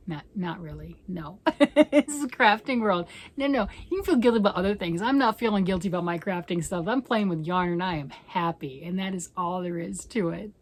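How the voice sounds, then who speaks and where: This crafting vlogger talks to the camera from home in a brisk, low-leaning voice. She's chatty and self-teasing with her viewers, now and then dropping to a whisper or bursting out playfully.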